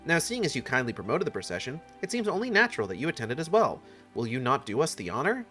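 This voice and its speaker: A courtly, ceremonious game official, as a man puts him on. The formal, old-fashioned phrasing rises and falls in wide, lively swings. The tone is bright and forward, with faint music behind. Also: mid-range voice, fast. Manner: stately, archaic phrasing. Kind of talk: reading game dialogue aloud.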